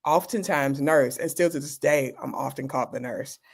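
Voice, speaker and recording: A woman's voice: a bass voice, moderate pace, husky. A middle-aged woman doctor, a guest in an interview, telling personal stories candidly and acting out the people she quotes.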